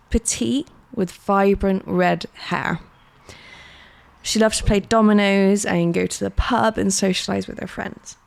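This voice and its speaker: A woman's voice: medium pitch, creaky. A woman from Britain co-hosting a podcast, telling a true crime story in casual chat, laughing often and swearing freely. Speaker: podcast co-host.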